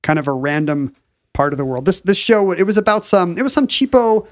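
A man's voice: sits high, a little fast, no room sound. Brief: middle-aged male co-host, rambling, self-interrupting, dry mic. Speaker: podcast co-host. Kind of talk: casual chat.

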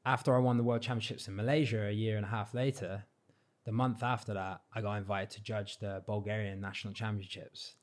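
A man with a fairly low voice tells a story in casual conversation as a podcast guest. He is animated and slips into the voices of the people he quotes. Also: a little fast. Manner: animated, acts out quoted dialogue.

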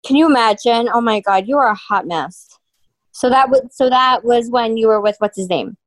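A woman's voice: fairly high pitch, moderate pace, low-quality recording. A woman in casual chat who teases and reacts with disbelief. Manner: teasing, incredulous reactions.

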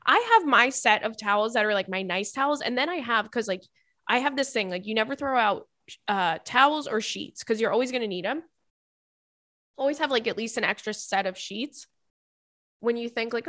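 A woman's voice: fairly high pitch, animated, moderate pace, bright, forceful tone, dry recording, studio quality. A young woman hosting a podcast, chatty and giggly, reading sponsor ads and listener messages. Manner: chatty, giggly, lots of "like" fillers. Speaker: podcast host. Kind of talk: casual chat and ad read.

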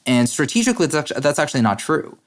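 A man's voice: on the high side, very animated, fast talker. A man speaking as an interview guest, earnest and explanatory, with frequent fillers and restarts. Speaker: guest, head of a democracy nonprofit. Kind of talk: interview conversation.

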